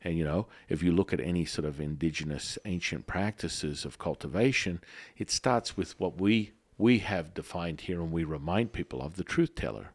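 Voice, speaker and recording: Brief: deep male voice, playful podcast co-host who likes joking slang. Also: normal speed, a little mellow, dry recording. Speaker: podcast co-host and Taoist teacher. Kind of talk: casual spiritual podcast chat.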